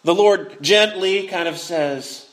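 A man with a notably high voice delivers a sermon in an earnest, expressive way. He often repeats words mid-sentence, and he brings the quoted lines to life with feeling. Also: takes it slowly. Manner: frequent word repeats. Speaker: preacher.

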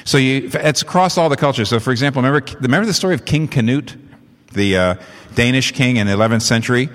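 A man preaching a sermon, animated and leaping up in pitch to stress his points. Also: fast. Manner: animated, rising in pitch for emphasis. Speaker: pastor. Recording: long hall reverb.

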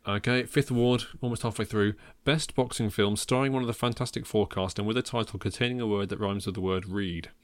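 A man's voice: lowish voice, fairly even intonation, fairly quick, few pauses, no echo. A man hosting a casual film podcast, talking in a wry way with many ums and chuckles at his own jokes. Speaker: podcast host.

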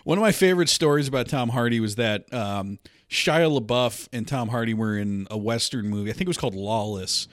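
A young man co-hosting a podcast, swapping stories in an easygoing way. His voice sits at a middle pitch and is caught close on the mic with a dry sound. He tends to drop into playful mock voices. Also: fairly quick, dry recording. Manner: animated storyteller, breaks into mocking impressions. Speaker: podcast co-host. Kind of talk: casual chat.

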